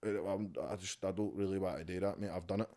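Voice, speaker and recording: A man's voice: sits low, fairly even intonation, fast talker, mellow. A Scottish rapper, a man guesting on a casual podcast at home, talking bluntly and with a lot of swearing. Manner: profane, blunt, ranting. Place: his home.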